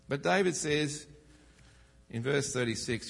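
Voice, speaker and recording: Animated preacher in an echoing hall. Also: male voice, moderate pace. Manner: animated, acts out quoted lines with rising pitch. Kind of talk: sermon retelling a Bible story. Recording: long reverb of a hall.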